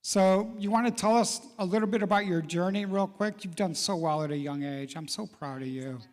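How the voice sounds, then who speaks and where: In a reverberant, large event hall, a middle-aged man hosts a live real estate event. His voice is high and fairly quick, and he's folksy and encouraging as he names people in the audience.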